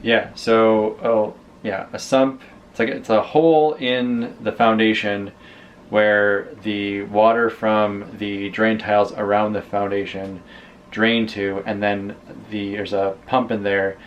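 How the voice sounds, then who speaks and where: A man co-hosting a casual vlog chat, rambling and halting as he explains things. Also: on the low side, level tone, muffled recording, slight background noise. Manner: rambling, halting, many restarts. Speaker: vlog co-host.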